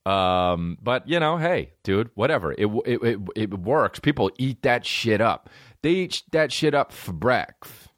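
A man's voice: medium pitch, sing-song, a little slow, no echo, clean studio sound. A man hosting a podcast, ranting casually and profanely with rambling asides and mock rap lines. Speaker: podcast host. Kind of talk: casual comedic rant.

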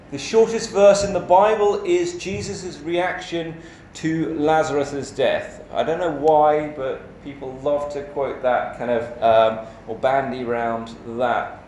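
A man preaching a sermon in a measured, emphatic way, asking rhetorical questions. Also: mid-range voice, a little mellow, slight background noise. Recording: echoey church hall with faint ambience.

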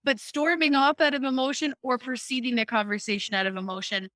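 A woman hosting a casual chat, explaining an idea in a lively way, often checking in with "right?" and acting out quoted thoughts. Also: sits high, a little fast, no echo. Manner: lively, acts out quoted inner voices, frequent "right?". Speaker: host explaining a personal decision-making method.

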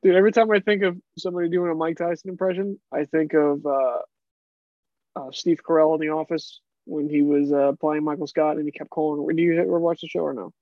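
A man with a high voice chats on a podcast, laughing often and cursing freely. The sound is dull and lo-fi in a dry room. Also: a little fast, dry recording. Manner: laughing, swearing, animated. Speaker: podcast guest. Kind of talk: casual chat.

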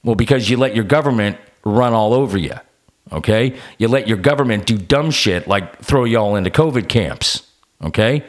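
A man's voice: lowish voice, normal speed. A man hosting a podcast, delivering a combative, sarcastic rant with plenty of swearing. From United States. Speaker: podcast host. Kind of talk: ranting podcast monologue.

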